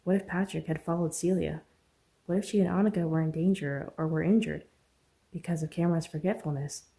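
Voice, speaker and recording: A woman author narrating her own novel as an audiobook, earnest and steady. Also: fairly low pitch, a little fast, creaky.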